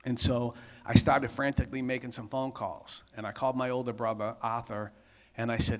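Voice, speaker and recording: A man's voice: mid-range voice, level tone, fairly quick, big-room sound. Guy telling his story to a crowd of men, plain and candid, keeps saying right?. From Massachusetts. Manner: candid, conversational, lots of "right?" asides. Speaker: speaker at a men's conference. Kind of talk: personal testimony talk.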